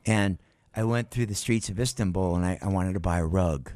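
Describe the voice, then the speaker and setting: A middle-aged man, a guest musician, telling tour stories on a radio show in an animated way, swearing and acting out other people's lines. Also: low-pitched, a little fast, no room sound. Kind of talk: casual storytelling on a radio show. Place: radio studio.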